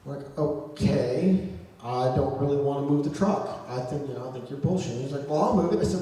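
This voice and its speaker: At a convention panel, a young man from the audience tells a profane, comedic story in a fast, high-leaning voice, swearing constantly and doing animated voices for his friends. The hall is echoey and the mic distant.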